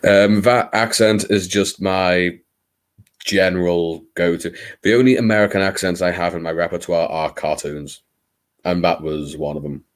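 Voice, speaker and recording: A man from Liverpool with a low, bass-heavy voice hosts a small-hours live stream. He chats with his viewers in a wry, theatrical way, mocks himself freely and swears without fuss. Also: fairly even intonation, normal speed. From Liverpool, England. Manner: wry, theatrical, self-mocking, swears casually. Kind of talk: late-night live stream chat with viewers.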